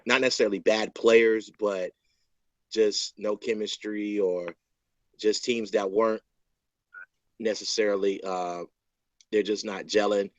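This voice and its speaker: Halting man hosting a sports chat. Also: lowish voice, fairly even intonation, no room sound, dull audio. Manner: halting, many fillers and restarts. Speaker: podcast host.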